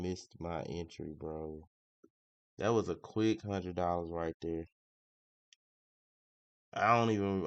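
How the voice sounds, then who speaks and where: A deep-voiced man day trades on a live stream, grumbling and repeating himself in casual, slangy commentary. The audio is dry with no echo, slightly muffled and lo-fi.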